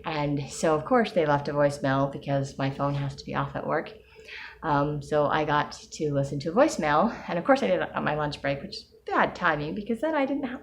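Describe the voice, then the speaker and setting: Woman, vlogger, deep voice, teary, hesitant, faint background hiss. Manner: emotional, near tears, with many pauses and fillers. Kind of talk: personal video diary. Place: at home.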